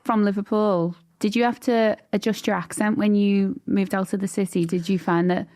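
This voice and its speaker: A woman's voice: mid-range voice, fairly even intonation, moderate pace, warm tone. A woman hosting an interview podcast, asking chatty questions and giving short encouraging replies. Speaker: podcast host. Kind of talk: casual interview chat.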